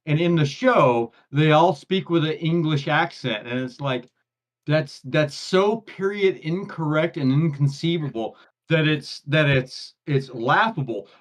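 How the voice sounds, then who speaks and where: A man's voice: a little high, measured pace. A man, co-hosting a casual podcast chat, rambling and tripping over his own words as he goes. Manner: rambling, stumbles and repeats words. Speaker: co-host.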